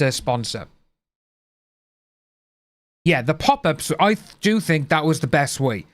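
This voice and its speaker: A man chatting casually to his livestream viewers, blunt and ranting, swearing freely. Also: a little high. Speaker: livestream host.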